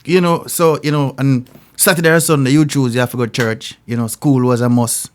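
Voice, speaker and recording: A man's voice: medium pitch, fairly quick, slight background noise. Jamaican man telling street stories. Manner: animated, acts out voices in stories. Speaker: reggae singer guest. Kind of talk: casual storytelling interview.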